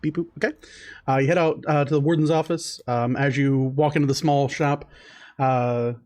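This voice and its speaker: A man's voice: medium pitch, steady tone, normal speed, a little mellow. A man narrating as game master of a tabletop game, loose and laughing, with many fillers.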